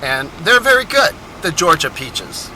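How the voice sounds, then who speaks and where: Man from texas, travel vlogger, very bright sharp tone, slightly high voice, rambling and digressive. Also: very animated, a little slow, slight background noise, low-quality recording. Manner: chatty, digressive, self-correcting. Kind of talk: casual rambling travel vlog.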